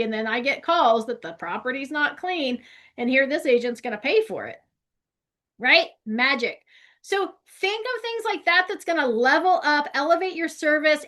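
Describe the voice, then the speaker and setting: A woman's voice: sits high, bright, forceful tone. A woman giving a casual real estate training talk, chatty and conversational, often checking in with "right?". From California.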